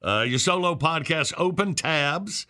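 A male morning show host with a bright, forceful voice pitched a little high. He stays easygoing and appreciative, and leans on fillers as he introduces his guest. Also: lively intonation, unhurried. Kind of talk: casual interview chat.

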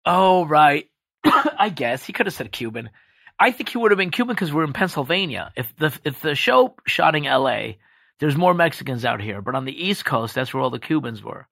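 Brief: man, slightly high voice, playful podcast guest, dry close mic. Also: normal speed, vocal fry, no echo. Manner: animated, jokey, slips into impressions. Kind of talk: casual podcast chat.

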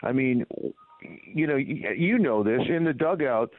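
Over a dry, tinny phone line, a middle-aged former baseball PR director spins stories as a radio show guest. He speaks at a measured pace with an animated, medium-pitched voice, rambling through plenty of fillers and false starts.

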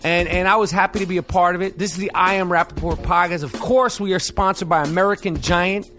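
A middle-aged man hosting a podcast, telling a rambling, profane story full of slang and excitement. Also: sits high, brisk, faint music behind. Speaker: podcast host. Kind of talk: casual storytelling monologue.

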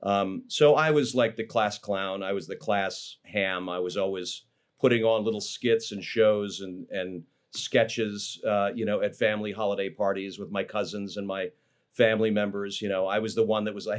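A man's voice: on the low side, fairly even intonation, normal speed. A man, an actor, telling stories about his life in a casual interview, rambling with fillers and restarts. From Los Angeles, USA.

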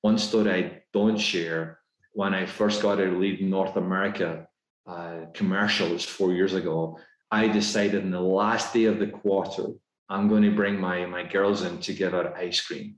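A man with a Scottish accent, a guest talking in a casual podcast interview, brisk and upbeat with lots of fillers. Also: deep voice, steady tone. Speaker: guest executive. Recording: roomy echo.

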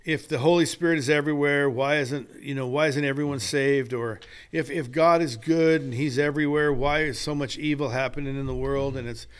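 A man's voice: mid-range voice, fairly even intonation, a little fast, hardly any pauses, smooth. An older man, a guest author, telling stories in an earnest, preacher-like way during a casual podcast conversation. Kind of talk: casual chat.

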